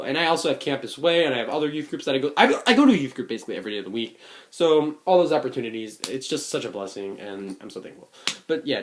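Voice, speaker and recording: This is a young man in his late teens speaking to camera in a casual vlog. His voice sits at an ordinary mid pitch. He is sincere and meandering, full of ums, likes and restarted sentences. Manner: earnest, rambling, with many fillers and restarts. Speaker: vlogger.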